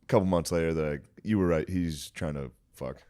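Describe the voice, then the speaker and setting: A man co-hosting a podcast, dropping wry deadpan jokes and quick one-liners. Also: very deep voice. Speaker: podcast co-host. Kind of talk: casual chat.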